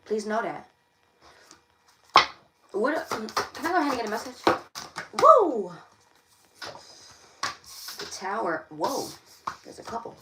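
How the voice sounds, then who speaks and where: A slightly high, sing-song voice at normal speed, broken by long pauses, belongs to a tarot live-stream host giving an emphatic, preachy monologue full of repetition. The audio is echoey and distant, with faint noise.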